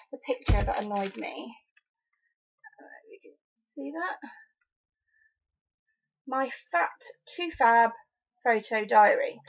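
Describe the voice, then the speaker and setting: Young woman vlogger from Wales, blunt and exasperated, somewhat high voice with gravelly fry, dull lo-fi home recording. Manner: frank, exasperated, emphatic. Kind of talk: casual opinion vlog.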